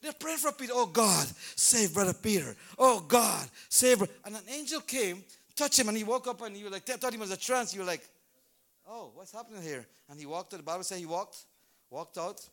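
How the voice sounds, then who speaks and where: A man preaching in church, his voice pitched high and ringing bright. He tells the story with animation, acting out the scenes as he goes. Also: a little fast. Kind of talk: sermon. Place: church service.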